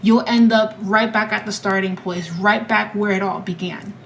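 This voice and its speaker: A woman's voice: mid-range voice, fairly even intonation, normal speed, slight background noise, poor audio. A woman giving a pick-a-card tarot reading, speaking straight to her viewers in an emotive, heartfelt way. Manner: emotive, direct address to viewers. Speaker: tarot reader.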